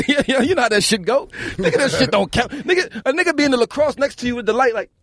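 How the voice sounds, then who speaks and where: Philly rapper dude, husky voice, high and all over the place, cussing and storytelling. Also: male voice, fast talker, no room sound. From Philadelphia. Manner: animated, profane, keeps asking "you know what I'm saying". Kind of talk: casual interview storytelling.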